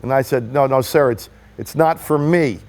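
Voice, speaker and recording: A man's voice: mid-range voice, normal speed, darkish tone. A man telling a personal story in an earnest, emphatic way, speaking as a political rally supporter giving a testimonial. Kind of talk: personal story told to the camera.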